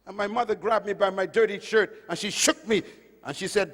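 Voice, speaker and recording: A man preaching a sermon, swinging between loud emphatic lines and hushed ones. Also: sits high, brisk, long reverb tail. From Caribbean island.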